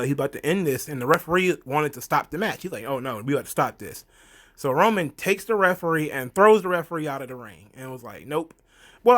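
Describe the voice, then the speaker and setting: A man recapping a wrestling event in a casual monologue, acting out quotes and laughing often. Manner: animated storyteller, acts out quotes in high voices; frequent fillers, laughs often. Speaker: wrestling reviewer.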